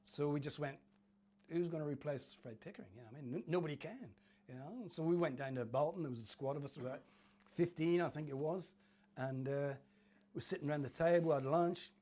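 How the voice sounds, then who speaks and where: An older man from Cornwall recalls his playing days in a relaxed interview. His voice sits a touch high for a man, and he laughs easily while mimicking the people in his anecdotes. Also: fairly quick. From Cornwall, England. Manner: chatty, laughing, acts out voices in his stories. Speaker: former footballer, interview guest.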